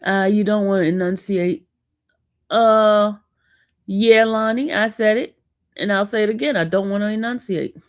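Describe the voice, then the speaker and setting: A woman's voice: mid-range voice, moderate pace, no room sound, clean studio sound. A woman with an East Coast American accent hosting a casual livestream, teasing and sassing her chat. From northern US. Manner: sassy, teasing, talks back to chat. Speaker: livestream host.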